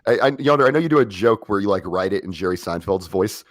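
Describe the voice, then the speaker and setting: Brief: hesitant male comedian, lively up-and-down pitch, stammers into jokes. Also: fast, no echo, studio quality. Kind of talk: casual comedy podcast chat.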